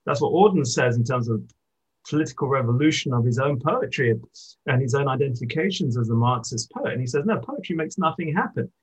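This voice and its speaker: A poet in conversation, speaking thoughtfully about poetry and pausing to restart his sentences. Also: medium pitch, husky, poor audio. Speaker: poet, interviewee. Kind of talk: reflective literary conversation.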